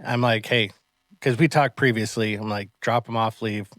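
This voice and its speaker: A martial arts instructor hosting a casual podcast, telling animated stories and acting out the people in them. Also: male voice, on the low side, moderate pace, dry recording. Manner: animated storyteller who acts out the people in his stories.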